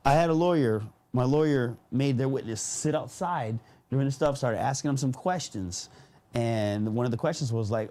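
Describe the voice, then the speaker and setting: A man casually telling a story on a podcast, animated and slangy, often laughing as he talks. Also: mid-range voice, normal speed. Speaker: podcast guest.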